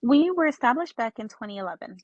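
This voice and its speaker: A woman's voice: fairly high pitch, animated, no room sound, highs cut off. A woman who founded and heads a school, answering questions politely on a phone during an online meeting. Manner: polite, measured, slightly unsure. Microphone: phone on a video call.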